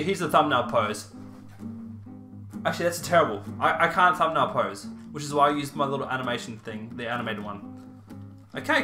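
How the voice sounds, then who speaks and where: Lively, bright-voiced young man. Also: a little high. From Australia. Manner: chatty, self-mocking, playful asides. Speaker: YouTuber. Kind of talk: casual unboxing vlog. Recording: roomy echo, faint music.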